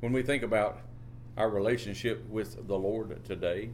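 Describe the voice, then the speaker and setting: A man preaching a sermon, drawing out phrases and lifting his pitch on key words, reading scripture in old-fashioned wording. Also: fairly even intonation, normal speed, darkish tone, a little hiss or hum. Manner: reads scripture in King James wording.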